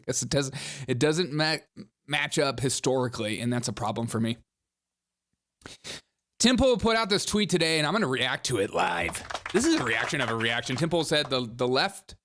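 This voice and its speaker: A man's voice: medium pitch, animated, normal speed, a bit bright. A man hosting a live-streamed political commentary show, reading headlines and super chats with sarcastic jokes and frequent laughter at his own lines.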